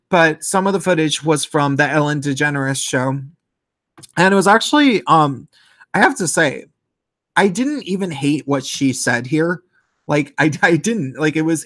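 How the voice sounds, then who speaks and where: A man talking casually to his channel, animated and rambling, with many fillers and restarts. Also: fairly high pitch. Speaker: YouTuber. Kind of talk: casual chat to camera.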